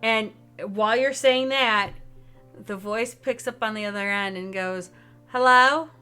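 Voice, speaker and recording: A woman running a tabletop role-playing game, quick and animated, with bursts of excitement. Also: medium pitch, clean tone, faint music behind. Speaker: game master.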